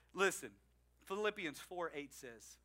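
A pastor delivers his sermon in a high, keen voice with a bright, cutting edge. He swings from loud, driving emphasis to near-whispered asides, slipping into other voices to act out the people he quotes.

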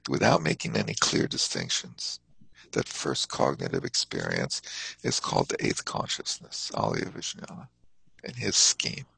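A husky, gravelly man leads a class, his voice rising and falling a lot. He explains terms in a thoughtful, halting way, pausing to spell out foreign words. His voice sits low and is recorded close and dry. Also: fairly bright tone, dry recording, rough recording. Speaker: Buddhist teacher. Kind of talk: teaching a class.

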